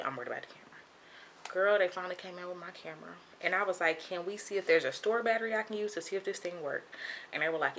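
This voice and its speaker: Chatty bright-voiced woman telling a story. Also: mid-range voice, a little hiss or hum. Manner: animated, chatty storytelling, acts out dialogue. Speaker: vlogger. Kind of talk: casual storytime.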